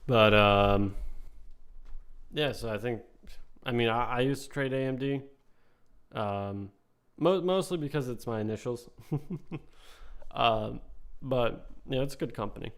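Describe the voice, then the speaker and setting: A man with a slightly hoarse voice, loosely thinking aloud as he hosts a casual stock market commentary. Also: mid-range voice, unhurried, pauses often. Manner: thinking aloud while reading charts, loose and offhand. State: slightly hoarse, losing his voice. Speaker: host.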